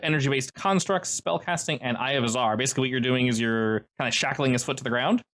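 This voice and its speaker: A man's voice: medium pitch, fast talker, a bit bright. A man running a tabletop role-playing game as game master, explaining rules and describing scenes with many fillers.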